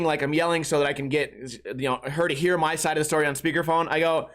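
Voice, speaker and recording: High-voiced man telling a wild story. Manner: animated, incredulous, quick restarts. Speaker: podcast host. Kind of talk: casual storytelling.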